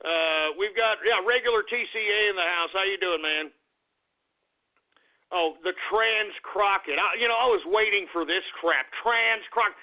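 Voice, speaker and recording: Man, brash crude radio host, gravelly, mock-furious ranting, tinny phone-like audio. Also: sits high, normal speed. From Texas. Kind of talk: comedic call-in radio rant.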